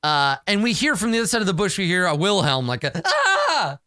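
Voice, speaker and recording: A man's voice: sits high, lively intonation, fast, sharp tone, smooth, dry recording, studio quality. A man narrating a solo tabletop game, talking to himself and swearing freely.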